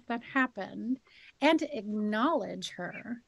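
Brief: woman co-host, rather high voice, storytelling with emphatic repetition. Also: takes it slowly, vocal fry, no room sound, rough recording. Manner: storytelling, emphatic, repeats key words. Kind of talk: casual heart-to-heart chat.

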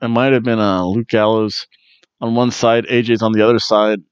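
A man's voice: lowish voice, flat delivery, normal speed, smooth, no room sound, muffled recording. Man rambling through a wrestling recap. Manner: rambling and jokey, with many fillers and restarts. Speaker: podcast host reviewing wrestling. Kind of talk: casual wrestling review monologue.

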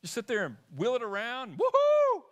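A man's voice: high-pitched, very animated, normal speed, sharp tone, muffled recording. A man preaching a sermon in church, asking the congregation questions as he talks. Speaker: pastor. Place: church sanctuary.

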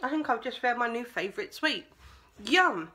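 A woman's voice: fairly high pitch, expressive, quick pace, background noise. A woman vlogging casually at home, chatting with her mouth full as she tries sweets. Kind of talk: casual taste-test vlog.

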